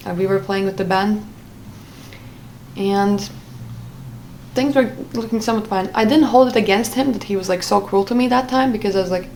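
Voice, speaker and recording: A young woman talks through a personal story in a loose, unscripted way, full of fillers, restarts and asides. Her pitch sits in an ordinary middle range. A faint hiss runs under the recording. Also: moderate pace, pauses often, darkish tone. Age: young adult. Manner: rambling with frequent fillers and restarts. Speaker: vlogger. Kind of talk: casual storytime monologue.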